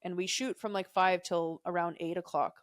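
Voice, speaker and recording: Low-voiced woman telling profane stories. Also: fairly even intonation, normal speed, no room sound, clean studio sound. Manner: rambling, profane storytelling with digressions. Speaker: podcast co-host. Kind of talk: casual chat.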